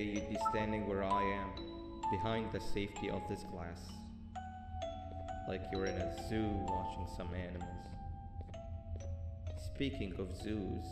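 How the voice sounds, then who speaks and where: An actor playing a secretive male monster who speaks through glass in a measured, confiding way. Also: fairly low pitch, close to an everyday voice. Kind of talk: video game voice acting. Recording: echoey hall with loud music.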